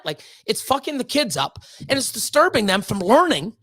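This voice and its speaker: A woman's voice: high-pitched, very animated, a little fast, hardly any pauses, a bit bright. A woman streamer ranting casually to her chat, swearing constantly and stumbling over her words as she gets worked up. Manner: swears constantly, stammers and restarts when worked up. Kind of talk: heated casual rant.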